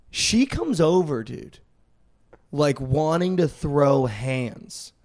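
A young man on a podcast telling a wild night-out story with loose, animated energy. He leans on "like" and "dude" constantly and acts out the other people's lines. His voice sits a little high. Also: extremely slow. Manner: animated, heavy use of "like" and "dude", acts out quotes. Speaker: podcast co-host. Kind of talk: casual storytelling chat.

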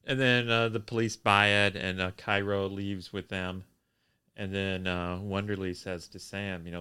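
A man's voice: deep voice, flat delivery, unhurried, pushed and bright, clear, resonant tone. A man co-hosting a podcast in casual chat, teasing his co-host while recapping a plot.

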